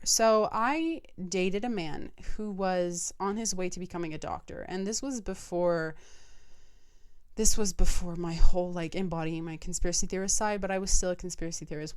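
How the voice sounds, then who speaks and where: A young woman hosting her own podcast, talking candidly and emphatically about personal growth, swearing freely. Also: on the low side. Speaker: podcast host. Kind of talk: personal monologue.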